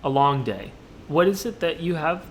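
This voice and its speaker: A man's voice: fairly high pitch, lively intonation, moderate pace, slight background noise. A man hosting a podcast, chatting casually and joking playfully with his guest. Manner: playful, joking back and forth. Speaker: podcast host. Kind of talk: casual chat.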